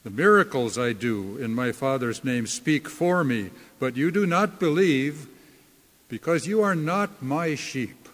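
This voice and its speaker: A man preaching a sermon as a pastor, slow and deliberate, leaning hard on key words. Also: mid-range voice, expressive, fairly bright tone, in a large hall.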